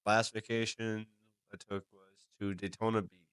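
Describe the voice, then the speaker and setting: A man's voice: lowish voice, level tone, normal speed, fairly bright tone, smooth, dry recording. A man co-hosting a podcast, telling a story in laid-back casual chat with dry humor. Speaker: podcast co-host.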